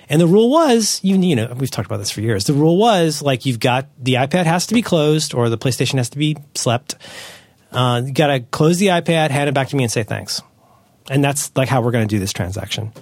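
A man hosting a podcast, chatting casually as a parent, rambling and correcting himself as he tells animated stories. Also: fairly high pitch, no echo. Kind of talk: casual chat.

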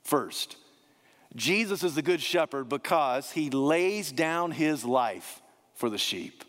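A man's voice: a little high, animated, a bit bright. Guy preaching a sermon, leans hard on repeated lines, big reverby church sound. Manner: emphatic, slows down and repeats key phrases. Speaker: pastor. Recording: long hall reverb.

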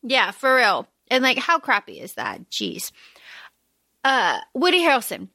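A woman's voice: fairly high pitch, wildly swooping pitch, measured pace, creaky, sharp tone, no room sound, clean studio sound. A woman co-hosting a podcast, chatting casually and animatedly as she recaps a movie, often quoting the characters with a bit of swearing. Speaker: podcast co-host.

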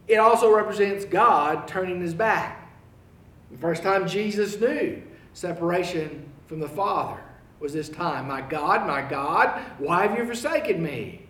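A male preacher delivering a sermon, swinging between loud, emphatic proclaiming and hushed, pleading appeals. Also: a little high, expressive, a little slow, reverberant, recorded from a distance.

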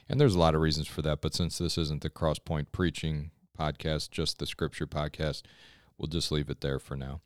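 A man's voice: rumbling low, little pitch movement, normal speed, clean tone, no echo, studio quality. A man, a pastor, giving an earnest, conversational scripture devotional on a podcast and often checking in with listeners.

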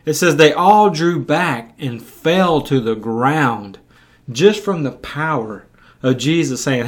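A man's voice: a little high, expressive, unhurried. A male preacher retelling scripture in a sermon, speaking conversationally and often repeating words as he goes.

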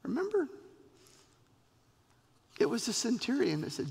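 Guy preaching slow with big dramatic pauses, gravelly voice, swoops up and down a lot. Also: high-pitched, big pitch swings, big-room sound. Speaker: pastor. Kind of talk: sermon.

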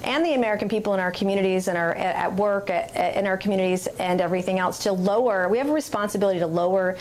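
A woman who is a member of Congress, giving a measured statement in a televised interview, pausing on fillers and restarting phrases. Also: medium pitch, a little mellow.

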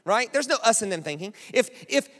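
An American man preaching a sermon in a chatty, animated way, often checking in with the crowd. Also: sits high, brisk. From United States. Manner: conversational, animated, keeps asking "right?". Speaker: pastor. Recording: long hall reverb.

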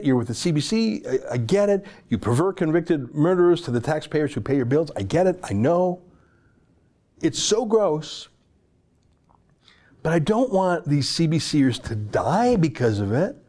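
A man's voice: a little high, mellow. A man hosting an opinion commentary show, delivering a sarcastic, emphatic, heated monologue.

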